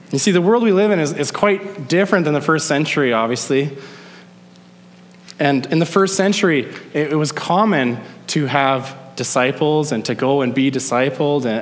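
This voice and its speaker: A male pastor preaching a sermon, emphatic, slowing down to stress key phrases. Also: medium pitch, in a large hall. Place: church sanctuary.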